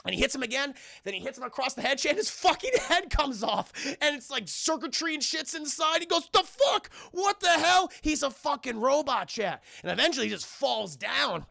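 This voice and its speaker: A man with a high, heavily gravelly voice and a sharp, bright edge, recapping a movie live for his stream chat. He talks in an animated, profane rush through each scene, keeps turning to address the chat, and sounds close and dry. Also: fairly quick, hardly any pauses, no echo. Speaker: streamer and film reviewer. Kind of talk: livestream film review chat.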